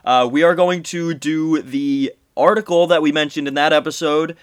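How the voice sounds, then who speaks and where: A man's voice: on the high side, fairly even intonation, normal speed, clean tone, no echo, studio quality. A man hosting a casual podcast, sarcastic, swearing and laughing as he reads an article aloud. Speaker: podcast host.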